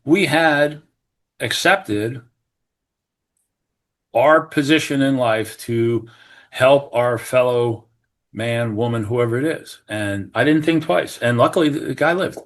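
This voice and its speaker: A middle-aged man tells a story in earnest, animated conversation, his pitch sitting in the ordinary middle for a man. He acts out the remarks of others as he goes and often restarts his sentences. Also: slow, pauses often. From New Jersey. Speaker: retired fire captain, podcast guest.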